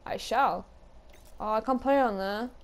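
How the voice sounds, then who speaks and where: A woman's voice: fairly high pitch, a little slow. A young woman giving casual, sweary commentary while playing a shooter game, laughing often and shrieking now and then. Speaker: gaming YouTuber.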